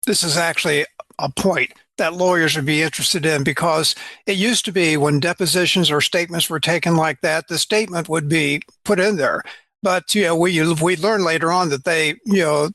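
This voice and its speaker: A man's voice: on the high side, normal speed, pushed and bright, no room sound. A middle-aged man, a lawyer guest on a podcast, explaining points of law in a chatty way with many "you know" fillers. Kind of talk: casual podcast chat.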